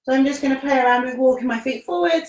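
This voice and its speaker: A woman whose voice sits high and a little mellow talks at a quick pace while leading a live-streamed yoga class, cueing breaths and poses and slightly breathless from exercising. She's encouraging, casual and British in phrasing, laughing often, captured from the mic's distance in an echoey room.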